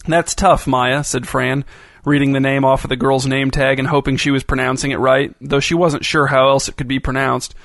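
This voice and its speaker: A man narrating a novel in a steady, even storytelling voice. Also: medium pitch, a little fast, vocal fry, no room sound. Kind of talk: audiobook narration.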